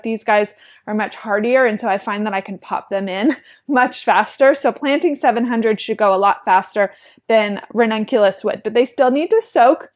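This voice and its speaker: Bubbly, chatty woman farmer with a slightly high voice. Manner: chatty and bubbly, with frequent "like" and laughter. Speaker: flower farmer. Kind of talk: casual how-to vlog.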